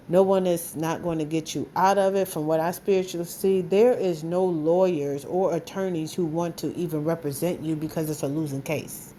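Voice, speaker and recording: Heated woman ranting, mellow voice. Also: lowish voice, a little hiss or hum. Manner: blunt, heated, profane, repeats insults. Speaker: vlogger. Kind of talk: angry direct-to-camera rant.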